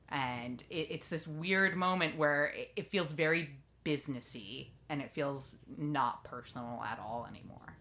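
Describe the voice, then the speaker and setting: A woman hosting a podcast, recapping a TV episode in lively casual chat and acting out lines from the scenes. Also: low-pitched, moderate pace, hardly any pauses, a little hiss or hum. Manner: lively storytelling, acts out quotes. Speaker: podcast host.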